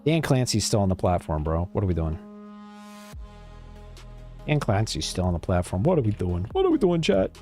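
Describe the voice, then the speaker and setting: A man's voice: low voice, lively intonation, normal speed, long pauses, dark tone, soft background music. A man casually rambling to his chat while streaming a game, laid-back and swearing now and then. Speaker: live streamer. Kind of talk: casual gameplay commentary talking to chat.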